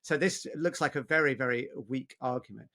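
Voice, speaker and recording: Bright-voiced man in casual panel talk. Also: medium pitch, brisk. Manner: conversational, hedging with "so" and "um". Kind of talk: casual discussion.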